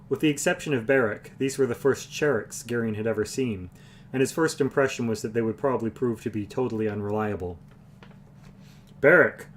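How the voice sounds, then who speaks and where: A man reading a fantasy novel aloud on a livestream, even and unhurried, with the occasional restart. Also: mid-range voice, slight background noise. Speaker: reader. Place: home livestream.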